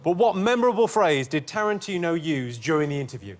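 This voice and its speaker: High-voiced deadpan British quiz host. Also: male voice, a little fast. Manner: deadpan joke delivery. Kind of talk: scripted comic quiz hosting. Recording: studio with live audience laughter and noise.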